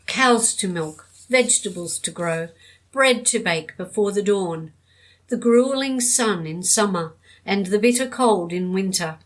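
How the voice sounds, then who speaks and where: Woman narrating an audiobook, measured. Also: medium pitch, poor audio.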